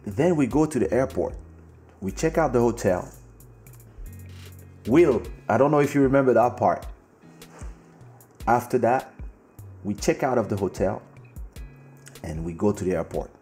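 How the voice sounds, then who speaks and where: Animated male storyteller. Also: medium pitch, unhurried, long pauses, faint music behind. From France. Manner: animated, acts out dialogue. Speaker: host. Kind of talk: storytelling on a live show.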